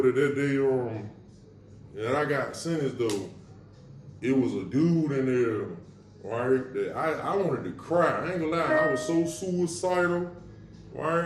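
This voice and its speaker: A man's voice: fairly high pitch, distant mic, slight background noise. Slangy man telling a raw story, roomy sound. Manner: slangy, blunt, profane, wry humor about dark memories. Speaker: podcast host recounting his past. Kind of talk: casual storytelling monologue.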